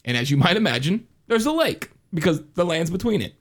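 A man's voice: high voice, big pitch swings, brisk. A man co-hosting a horror podcast, telling a camping story in casual, profane chat and laughing often. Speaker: podcast co-host.

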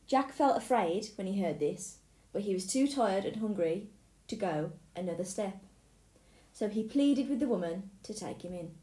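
A woman reading a fairy tale aloud in a clear, steady way. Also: mid-range voice, moderate pace. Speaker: storyteller. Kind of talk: storybook read-aloud. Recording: echoey room.

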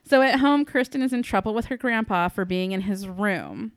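A woman's voice: medium pitch, moderate pace, no echo, clean studio sound. A woman co-hosting a podcast, recapping a movie in casual chat with crude, sarcastic jokes. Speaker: podcast co-host.

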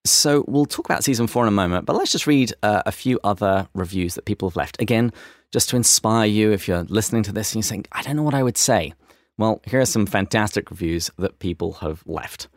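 Low-voiced Australian man in a dry closet. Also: a little fast, no room sound. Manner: playful, chuckles often. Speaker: podcast co-host. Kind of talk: casual chat. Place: closet recording studio.

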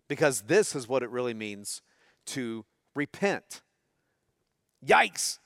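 A man's voice: medium pitch, animated, a little slow, long pauses, dry recording, clean studio sound. A middle-aged man preaching a sermon, talking conversationally and putting questions to his audience. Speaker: pastor.

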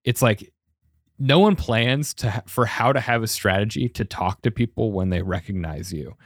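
A man hosting a podcast, chatting casually and easily, often tossing in quick agreeing fillers. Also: fairly low pitch, no room sound, studio quality. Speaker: podcast host.

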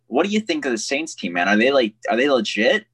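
A man's voice: mid-range voice, very animated, fast talker, a bit bright, husky. A young man co-hosting a casual sports podcast, easygoing and chatty, often calling his friend "man". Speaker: podcast co-host.

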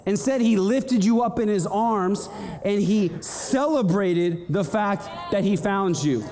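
A young male pastor with a high, light voice preaches energetically, his words echoing in a long hall reverb. He's animated, jumping into quick voices and little acted scenes during the sermon.

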